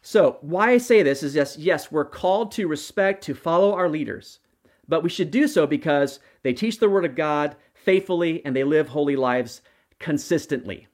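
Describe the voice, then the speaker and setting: A middle-aged man preaches a sermon with a slightly high voice. He talks earnestly, restarts phrases and checks in with the congregation by asking "right?" again and again. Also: normal speed. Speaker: pastor.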